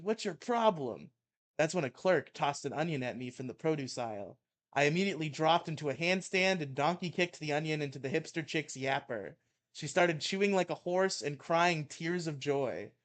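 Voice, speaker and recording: A young man co-hosting a casual show, reading a comedy article aloud with mock outrage and laughing at his own reading. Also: a little high. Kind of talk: casual chat and comic dramatic reading.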